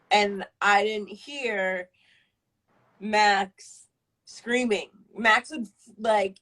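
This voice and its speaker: A woman's voice: medium pitch, low-quality recording. A woman in her twenties on a live stream, telling a personal story in a casual, rambling way, full of fillers and swearing. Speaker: livestream guest.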